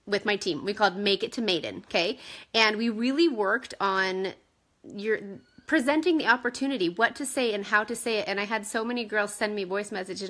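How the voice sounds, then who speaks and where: A woman in her thirties coaches her team in an energetic, chatty way, speaking from home. Her voice sits somewhat high and has a crisp, forceful brightness, and she keeps checking in with her listeners as she goes. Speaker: direct sales team leader. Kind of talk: casual coaching talk to camera.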